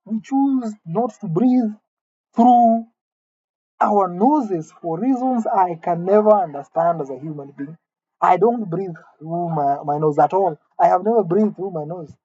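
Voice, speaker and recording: A woman delivering a mock-serious comic rant, indignant and halting, often repeating her words. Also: on the low side, dark tone, slightly rough, no room sound, muffled recording. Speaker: comedic vlogger.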